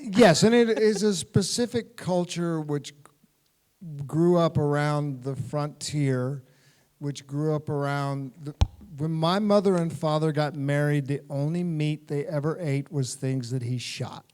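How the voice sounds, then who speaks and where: Guest on a convention stage: middle-aged American man, somewhat high-pitched, lively anecdote teller who laughs a lot. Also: a little slow, smooth. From United States. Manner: animated anecdotal storytelling, laughing often. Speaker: guest actor.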